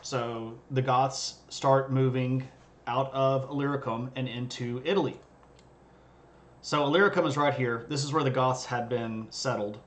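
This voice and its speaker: At his streaming setup, a male history streamer with a medium-pitched voice and fairly even intonation talks a little slowly. He gives a laid-back, joking history lecture and jokes around with chat, over a slight hiss or hum.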